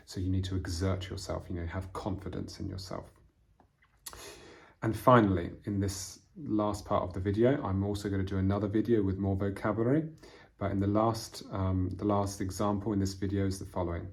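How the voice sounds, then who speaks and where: A man teaching English vocabulary from a storybook, explaining words slowly with frequent fillers. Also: deep voice, gravelly, darkish tone. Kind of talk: vocabulary lesson reading from a storybook.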